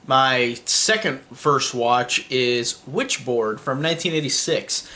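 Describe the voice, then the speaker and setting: A man's voice: medium pitch, takes it slowly, pushed and bright. A young man giving a casual spoken movie review, rambling with many fillers and restarts.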